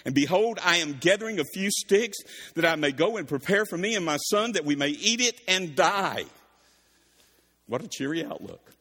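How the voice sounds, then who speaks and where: A man preaching a sermon. He reads scripture verses aloud and then explains them with animated asides. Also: high-pitched, normal speed. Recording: long hall reverb.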